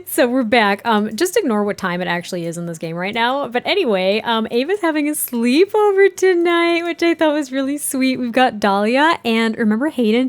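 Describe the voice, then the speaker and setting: A woman hosting a gaming let's play, chatty and giggly, exasperated by the game now and then. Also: fairly high pitch.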